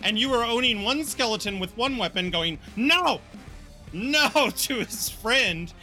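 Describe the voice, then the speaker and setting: A man's voice: high voice, lively intonation, moderate pace, pushed and bright, faint music behind. A man hosting a casual podcast, upbeat as he runs through the week's schedule and brings in the next topic. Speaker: podcast host. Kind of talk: casual podcast chat and announcements.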